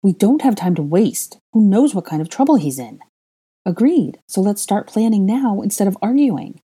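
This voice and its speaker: A woman's voice: lowish voice, expressive, fast talker, dark tone, breathy edge. A woman voicing an earnest, bossy young witch who talks urgently and insistently.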